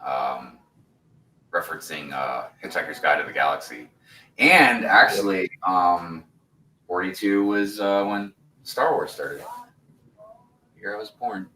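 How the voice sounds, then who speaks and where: A man in his forties chats loosely on a livestream, rambling and laughing easily as he reads out comments. His fairly low voice sounds roomy and set back from the mic. Faint room noise hums behind him. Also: measured pace, long pauses, pushed and bright, recorded from a distance. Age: 40s. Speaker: host of a building livestream. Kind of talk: casual livestream chat.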